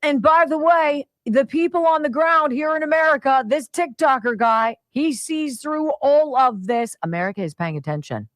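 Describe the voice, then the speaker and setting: A woman's voice: high voice, lively intonation, moderate pace, hardly any pauses, no echo. A woman hosting a talk radio show, giving opinionated commentary with exclamatory, mocking asides.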